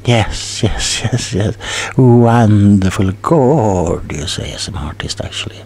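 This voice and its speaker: A man's voice: fairly low pitch, animated, slow, heavily acted. A man playing a rambling, scatterbrained tingle salesman in a whispered role-play, stumbling over his words. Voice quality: soft whispering. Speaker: ASMR role-play performer.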